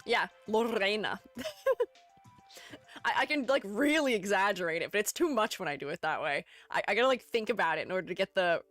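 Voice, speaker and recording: Bubbly streamer lady rambling and giggling, bouncy pitch, faint music behind. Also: very animated, fairly quick, fairly bright tone. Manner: rambling, giggly, self-deprecating. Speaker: streamer and art critic. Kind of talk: casual live-stream chat.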